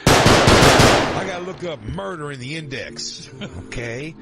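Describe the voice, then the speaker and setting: A man's voice: on the high side, expressive, takes it slowly, loud music behind the voice. Crude rambling male comedy host. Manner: crude, rambling, laughs often. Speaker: podcast host. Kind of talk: casual comedic chat.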